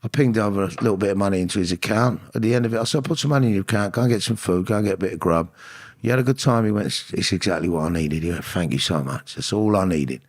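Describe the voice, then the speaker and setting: A man telling personal stories in an interview, animated and acting out the voices of people he quotes, with frequent restarts. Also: deep voice, rapid-fire. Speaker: actor and guest. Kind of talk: candid interview storytelling.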